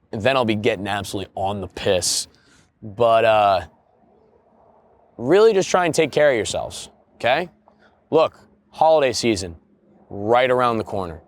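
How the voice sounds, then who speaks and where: A man's voice: medium pitch, clean tone, dry recording. Laid-back crude-joking male podcast host. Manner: laid-back, crude jokes, bursts into loud mock-announcer parody. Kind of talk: casual solo podcast chat.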